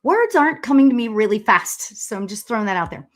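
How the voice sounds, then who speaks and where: A woman spiritual medium doing a live stream tarot reading. She talks in a gushing, chatty way with many laughs and excited exclamations. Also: a little high, quick pace. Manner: chatty and rambling, with fillers and restarts.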